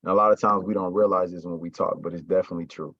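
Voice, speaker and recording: A man's voice: low voice, fairly even intonation, very fast, dry recording, muffled recording. A man coaching his sales team in casual talk, stressing words and often checking in with "right?" and "you got me?".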